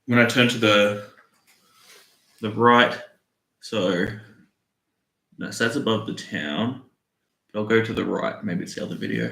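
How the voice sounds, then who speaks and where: An Australian man explaining video clips in an easygoing, halting way during a casual home livestream. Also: on the low side, vocal fry, a bit bright, reverberant, low-quality recording. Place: room at home with dogs.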